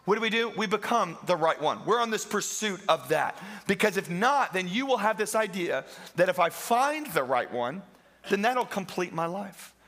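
A man's voice: high-pitched, very animated, moderate pace, a bit bright. A middle-aged man preaching a sermon as pastor, emphatic and repeating phrases for stress.

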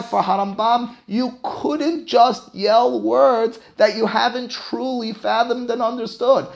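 Animated rabbi with a gravelly voice. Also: male voice, sits high. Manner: animated, swings between emphatic bursts and quiet asides. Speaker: rabbi teaching a class. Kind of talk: classroom lecture on Jewish philosophy.

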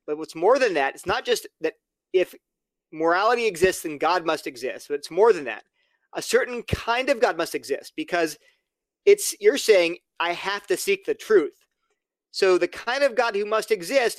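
Man, podcast guest, earnest and argumentative, high voice, dry close sound. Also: animated, moderate pace, no room sound. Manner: earnest, argumentative, acts out quoted dialogue. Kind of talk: casual podcast conversation.

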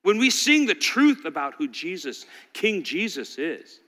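A male pastor preaching a sermon, swinging between loud exhortation and quiet intensity. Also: high voice, sing-song, unhurried. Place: large church hall. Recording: long hall reverb.

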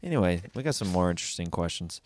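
A male podcast host jokes around in loose, casual chat, teasing his guests with a mocking edge. His pitch jumps around a lot, and the recording is close and dry. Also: animated, fast, darkish tone, dry recording.

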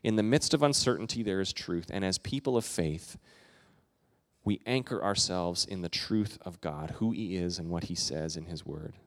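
A man's voice: deep voice, normal speed. Earnest preacher man in a reverberant hall. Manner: earnest, swells to loud emphatic peaks then drops soft. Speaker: pastor. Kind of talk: sermon.

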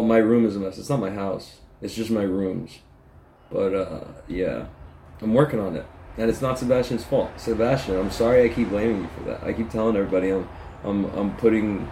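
A man with a fairly low, mellow voice rambles through a loose podcast monologue. He swears constantly and pokes fun at himself in an easy, unfiltered way. The audio is poor, recorded in his own messy room. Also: slight background noise. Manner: profane, rambling, self-mocking. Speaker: podcast host.

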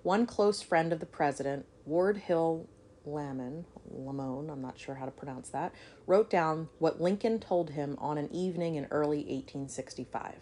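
Woman host, low voice, reads a history tale with casual asides. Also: normal speed, warm tone, slight background noise. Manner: reads aloud then breaks off to joke and swear. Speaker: podcast co-host reading a history story. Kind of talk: casual storytelling chat.

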